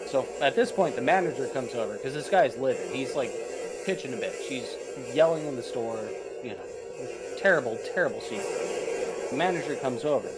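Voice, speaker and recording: A man's voice: mid-range voice, sing-song, moderate pace, music in the background. A man co-hosting a stream, telling long jokes in a rambling way, repeating and restarting his phrases. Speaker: co-host on a stream. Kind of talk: casual joke-telling.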